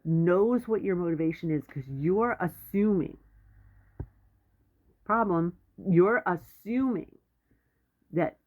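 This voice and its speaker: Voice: mid-range voice, slow pace, pauses often. Blunt rambling advice-giver, tinny audio. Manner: rambling, self-interrupting, blunt. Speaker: advice vlogger. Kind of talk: casual advice monologue.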